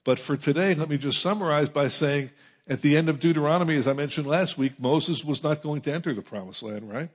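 A middle-aged man preaching a conversational sermon, building to emphatic peaks and dropping into quiet asides. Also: fairly high pitch, brisk, hardly any pauses, slightly rough. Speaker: pastor. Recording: muffled lo-fi sound.

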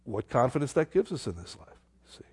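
A man's voice: mid-range voice, sing-song, brisk, a little mellow, slightly rough. A man preaching a verse-by-verse sermon in a conversational way, full of rhetorical questions and exclamations. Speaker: pastor. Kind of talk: expository sermon.

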